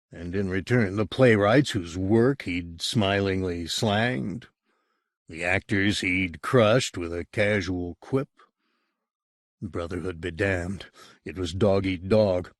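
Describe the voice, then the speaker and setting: Low-voiced male audiobook narrator. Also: dry recording, clean studio sound. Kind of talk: audiobook reading.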